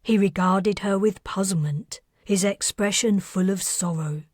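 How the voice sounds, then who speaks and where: Woman author-narrator, calm and measured; slow, husky read. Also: mid-range voice, dry recording, studio quality. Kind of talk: scripted narration.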